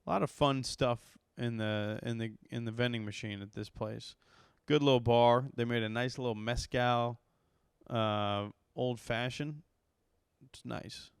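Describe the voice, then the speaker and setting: A man's voice: mid-range voice, steady tone, a little slow, gravelly, clear, resonant tone, dry recording, clean studio sound. A man, a comedian hosting his own podcast, telling a rambling, profane story and getting worked up as he goes. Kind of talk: casual storytelling monologue.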